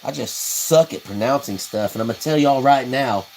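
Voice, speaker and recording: A man's voice: mid-range voice, normal speed, a little mellow, slight background noise, low-quality recording. A man who hosts a livestream while he builds custom fishing rods. He talks in a rambling, folksy way, reads viewer comments and laughs at his own stories. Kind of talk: casual livestream chat, reading comments.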